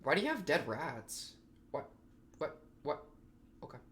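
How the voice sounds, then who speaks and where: A young man hosting a reaction video, talking casually and excitably with a lot of slang as he reacts to what he watches. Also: on the high side, measured pace, a little hiss or hum. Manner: excitable, slangy, thinks aloud.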